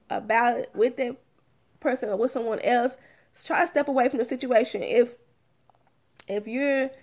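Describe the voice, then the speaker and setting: A woman talking casually to her viewers and giving advice, earnest and repetitive, often calling them "you guys.". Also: a little high. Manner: acts out heated and calm exchanges. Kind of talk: casual talk to camera.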